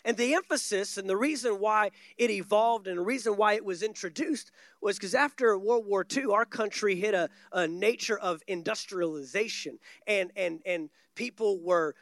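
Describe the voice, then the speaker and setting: A man's voice: sits high, normal speed, fairly bright tone, dry recording. A man preaching a sermon from a church stage, emphatic and repeating key words for stress. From United States.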